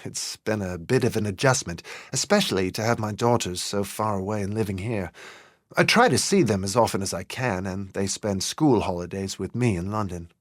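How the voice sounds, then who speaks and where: A man's voice: on the low side, moderate pace, no echo, studio quality, natural voice. A man playing a polite, anxious father. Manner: polite, slightly nervous.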